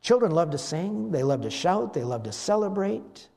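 Lively, animated male preacher. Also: high voice, normal speed, creaky. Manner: animated storytelling, acts out voices of biblical figures. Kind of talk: sermon.

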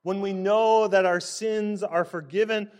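A man preaching a sermon in an emphatic, deliberate way, stressing key words. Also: high voice, fairly even intonation, darkish tone, smooth.

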